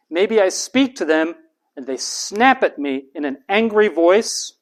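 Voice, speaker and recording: An university lecturer teaching a class in a classroom. The voice is pitched up on purpose to carry across the room, and the pace is slow and emphatic, leaning on key terms. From United States.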